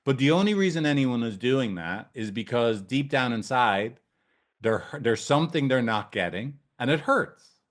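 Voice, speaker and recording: A man's voice: medium pitch, lively intonation, moderate pace. Guy therapist teaching couples stuff, blunt, swears a lot, keeps saying right. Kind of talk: casual teaching talk. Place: training room with whiteboard.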